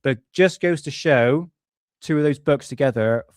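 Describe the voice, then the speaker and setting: A man's voice: a little high, moderate pace, no echo, studio quality. A middle-aged British man hosting a casual live stream from home, chatty, swearing often and laughing at himself. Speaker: livestream host. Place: home room.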